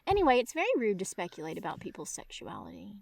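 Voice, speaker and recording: A woman's voice: medium pitch, huge pitch swings, fast talker, creaky, darkish tone. A British woman co-hosting a casual book podcast, who laughs easily and answers with short agreeing replies. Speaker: podcast co-host.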